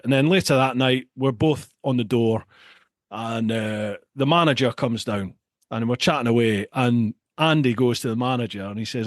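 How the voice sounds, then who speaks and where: Brief: middle-aged man, podcast host, animated casual storyteller, close dry mic. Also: medium pitch, no room sound. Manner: animated, repeats words.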